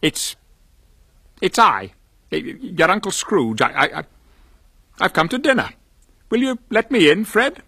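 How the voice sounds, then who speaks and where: A man's voice: high voice, very animated, a little slow, creaky, long pauses, sharp tone, slightly rough, no room sound, studio quality, full character voice. A man voicing an elderly male miser turned kindly, stammering and eager.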